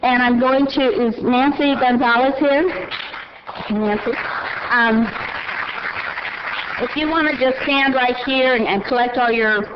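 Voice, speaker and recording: Southern lady at a council meeting, folksy and laughing, bit high voice, dull audio with crowd murmur and noise. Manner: folksy, laughing, reading names haltingly. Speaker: council member presenting awards. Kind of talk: chatty public award presentation.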